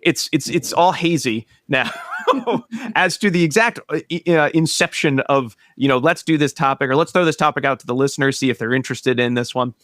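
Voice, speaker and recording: A man's voice: medium pitch, brisk, fairly bright tone, dry recording, clean studio sound. A man hosting a podcast in a casual, joking way, rambling a bit with restarts as he introduces a guest. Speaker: podcast host.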